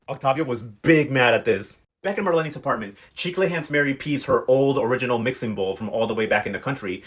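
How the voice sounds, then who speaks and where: A man casually recapping a TV drama in a gossipy, animated way, acting out the characters' lines as he goes. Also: mid-range voice, breathy edge. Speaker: host recapping a TV novela. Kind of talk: casual chat.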